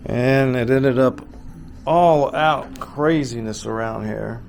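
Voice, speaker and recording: A man, a stay-at-home father, talking to his babies in a casual home vlog. He coaxes them in baby talk, then turns quiet and reflective with the camera. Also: medium pitch, slow, gravelly, background noise.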